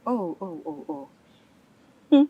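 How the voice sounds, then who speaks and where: A woman's voice: medium pitch, sing-song, slow pace, slightly rough, dry recording, narrow, tinny audio, exaggerated voice. An actress playing a protective, indignant royal wife and mother with a Nigerian accent in a film drama. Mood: pleading. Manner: pleading, indignant. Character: protective royal wife, defending her children. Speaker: queen and mother.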